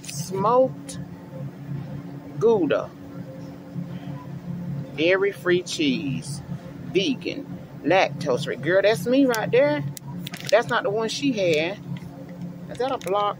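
Amid a noisy store background, a middle-aged vlogger with a mid-range voice casually talks her viewers through browsing a large store, thinking aloud about what to buy.

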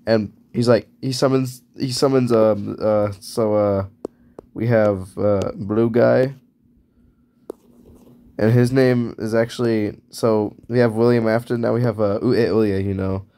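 Gravelly man rambling offhand. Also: fairly low pitch, fairly even intonation, a little slow, warm tone. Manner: rambling, self-correcting, offhand. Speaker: video creator. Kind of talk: casual narration while drawing.

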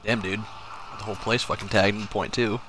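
A man chatting and swearing loudly while playing a co-op shooter with friends, reacting with quick outbursts and laughter. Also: lowish voice, steady tone, slight background noise. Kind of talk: casual gameplay chat.

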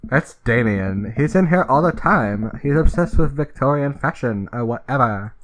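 Sullen young cashier woman, flat dismissive drawl, low and quiet, voiced by a man. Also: moderate pace, natural voice. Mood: bored.

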